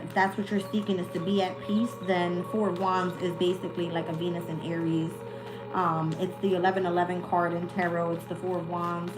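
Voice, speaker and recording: A woman gives a casual tarot reading on a live stream, speaking bluntly and candidly and swearing freely. Her voice is mid-range, and the audio quality is poor.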